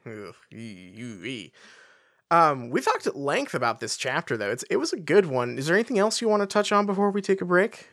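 A podcast co-host talks through a book chapter in relaxed, wry chat. The delivery is animated, with frequent restarts. The recording sounds dry and close, and the pitch sits in a middle range. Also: quick pace, few pauses, dry recording. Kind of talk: casual book discussion chat.

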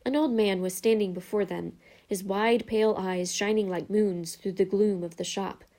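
A woman narrating a storybook in a calm, even reading voice. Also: medium pitch, normal speed.

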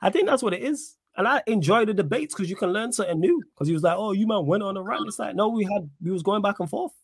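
A young man, chatting on a live-stream podcast with a slightly high voice. He talks in an animated, slangy way and reads the chat aloud. The sound is dry and close to the mic. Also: fast, breathy edge, no echo. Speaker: podcast host.

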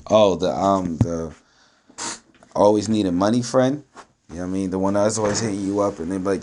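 Vlogger, male, lowish voice, casual profane riffing to camera. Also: normal speed, darkish tone. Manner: loose, streetwise, swears freely, keeps asking "you know what I'm saying". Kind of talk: casual solo talk to camera.

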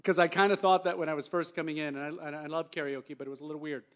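A man's voice: fairly high pitch, level tone, rapid-fire, fairly bright tone. A male pastor preaching a conversational sermon with casual asides and restarts in a church sanctuary.

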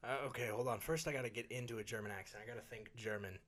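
A man's voice: medium pitch, steady tone, rapid-fire. A man co-hosting a comedy podcast, laughing and swearing freely in casual banter. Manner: loud, laughing, swears a lot. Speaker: podcast co-host.

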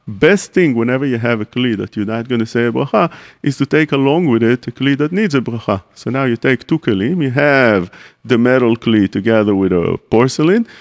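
A rabbi gives a Torah class on the radio in a mid-range voice, explaining things step by step. He poses questions and answers them himself, mixing Hebrew terms into his English.

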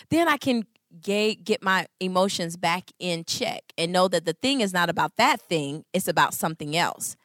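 A woman in her thirties giving a Christian talk on marriage, expressive and full of acted-out voices. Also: fairly low pitch, moderate pace, no room sound, studio quality. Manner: expressive, acts out voices, laughs. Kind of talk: animated storytelling talk.

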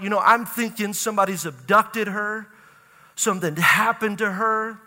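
A middle-aged man, preaching a sermon and telling a story with animated, acted-out dialogue. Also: sits high, normal speed. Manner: animated storytelling, acts out panicked dialogue, laughs at own jokes. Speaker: pastor. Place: large church hall. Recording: reverberant church hall.

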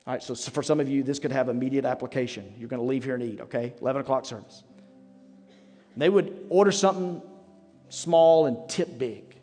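A man's voice: mid-range voice, fairly quick, dark tone. A man preaching a sermon as pastor, telling stories in a conversational way. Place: church sanctuary. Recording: long hall reverb with faint music.

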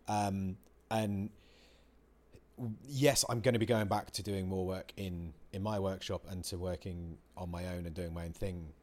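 A man's voice: low-pitched, steady tone, normal speed, darkish tone. A man co-hosting a casual podcast chat, swearing freely and acting out his own outbursts as he talks. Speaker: podcast co-host.

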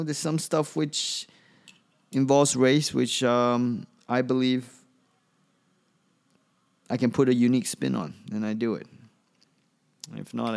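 A mid-range, gravelly male voice with a darkish tone carries this solo podcast monologue. The comedian rambles in a throwaway manner, trailing off and restarting his sentences a lot.

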